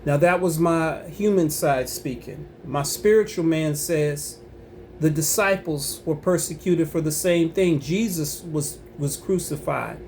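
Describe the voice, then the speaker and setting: High-voiced man preaching in outrage. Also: unhurried, a little mellow, a little hiss or hum. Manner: emphatic and preachy, with repeated words and angry rising outbursts. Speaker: Christian commentator on his own channel. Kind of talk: impassioned religious commentary.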